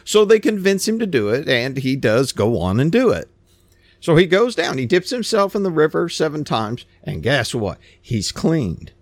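A man preaching a sermon, retelling a scripture story in plain everyday words with animated storytelling. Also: on the high side, moderate pace, dry recording.

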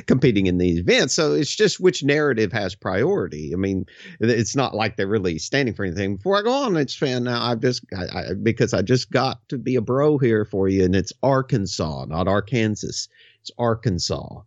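A man giving measured, dismissive opinions as a co-host in a commentary chat. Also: lowish voice, sing-song, no echo, highs cut off.

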